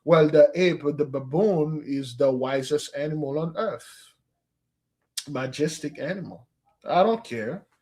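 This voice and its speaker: A man's voice: fairly high pitch, measured pace, darkish tone. A man giving a spiritual teaching, speaking emphatically, calling his listeners "beloved" and slipping into street slang. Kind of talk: preaching address on a fasting day.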